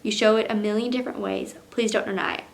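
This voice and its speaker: A woman voicing a determined young woman dragon rider pleading for love, read aloud softly and earnestly. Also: mid-range voice, fairly even intonation, quick pace, creaky, natural voice.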